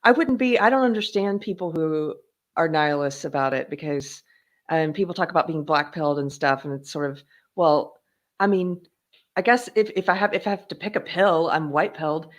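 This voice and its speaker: Low-voiced woman hosting a live show. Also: a little fast. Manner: conversational, thinking aloud with fillers. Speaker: host. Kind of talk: live show chat, reading viewer comments.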